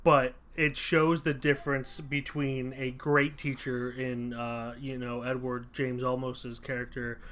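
A man's voice: mid-range voice, little pitch movement, unhurried, few pauses, a bit bright. A man co-hosting a casual film review chat, thoughtful and loose, with plenty of fillers and restarts. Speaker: podcast co-host reviewing a film.

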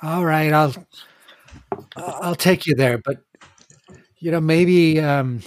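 A game master voicing a nervous, defensive hippie trader who rambles and says "like" a lot. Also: male voice, a little high, slow, slight background noise, voice pushed up. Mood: pleading.

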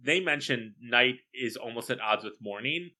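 A man co-hosting a casual film chat, playful, with quick asides and jokey quotes. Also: mid-range voice, expressive, pushed and bright. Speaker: podcast co-host.

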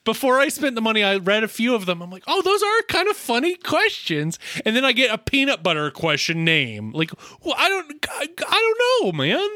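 A man's voice: high-pitched, big pitch swings, brisk, hardly any pauses, bright, forceful tone, dry recording. A man hosting a casual podcast chat, hesitant with lots of ums, making dry wry asides. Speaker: podcast host.

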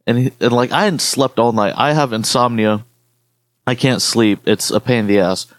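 A man's voice: mid-range voice, normal speed, dry recording. A man co-hosting a podcast, telling rambling stories in casual chat with lots of swearing. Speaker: podcast co-host.

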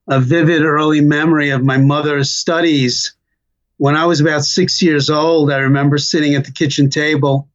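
An older man slowly recalling his family's story as an interview guest, pausing often with fillers. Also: a little high, lo-fi sound. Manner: slow, halting, many fillers. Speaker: interview guest, child of survivors. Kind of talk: reflective personal storytelling.

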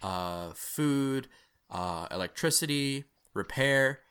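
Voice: medium pitch, animated, slow pace, fairly bright tone, clear, resonant tone. A game master casually narrating a tabletop role-playing game, laughing often.

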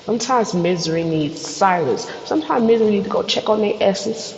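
A woman hosts her own podcast, ranting bluntly with lots of swearing and acting out quick scenes with other people. Her voice sits in a roomy, echoey space. The sound is a little dull, with a faint hiss underneath. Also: mid-range voice. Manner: blunt, profane, animated, acts out little scenes. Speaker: podcast host. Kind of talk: solo podcast rant. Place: studio.

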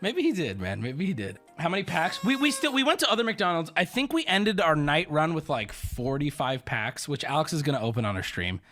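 A man's voice: fairly high pitch, very animated, a little fast, few pauses, sharp tone. A man livestreaming, telling a story as a profane, sarcastic rant. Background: faint background music.

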